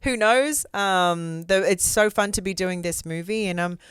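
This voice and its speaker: A woman's voice: mid-range voice, unhurried, smooth, no echo, studio quality. A woman from Australia with an Australian accent, telling stories candidly and expressively as an interview guest, with casual fillers.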